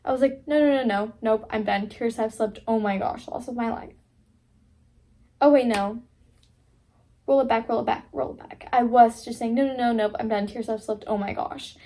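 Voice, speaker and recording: A woman's voice: on the high side, normal speed, warm tone. A young woman vlogger in casual chat who keeps quoting herself and fills her talk with "like". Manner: chatty, quotes herself often, many "like" fillers.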